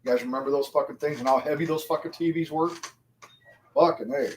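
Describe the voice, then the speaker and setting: A man in his forties with a fairly high, fairly even voice talks fast while chatting casually on a livestream, with a little hiss or hum. He rambles, swears constantly, and speaks directly to his viewers.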